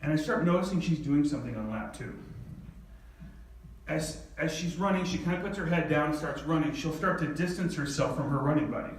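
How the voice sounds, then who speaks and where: A man tells a personal story to an audience, animated and laughing often, his voice sitting a bit high for a man. He is picked up from well back in a very echoey hall. Faint noise sits behind him. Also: brisk, far from the mic. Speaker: speaker.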